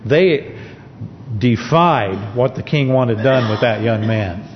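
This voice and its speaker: Male preacher, conversational sermon delivery, scripture readings, dull lo-fi recording with long hall reverb and faint rumble. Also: lively intonation, slow pace. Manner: conversational, with restarts, reads scripture aloud. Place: church sanctuary.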